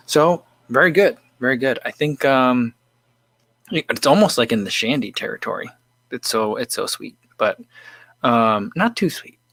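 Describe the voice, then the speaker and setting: A man's voice: medium pitch, animated, a little slow, a bit bright, dry recording. A man hosting a casual livestream, chatting in an easygoing, rambling way with lots of fillers and restarts while reading viewer comments. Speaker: livestream host.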